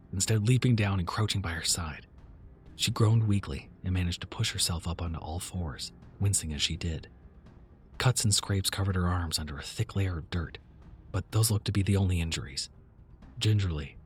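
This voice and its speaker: Deep voiced guy reading a creepy horror story, tense, soft music under it. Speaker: narrator. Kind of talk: first-person horror story narration.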